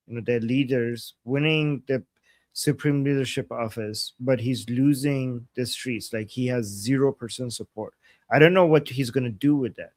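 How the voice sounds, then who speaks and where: A man's voice: mid-range voice, dry recording. A man from Iran co-hosting a live stream, animatedly explaining politics. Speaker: political analyst co-host.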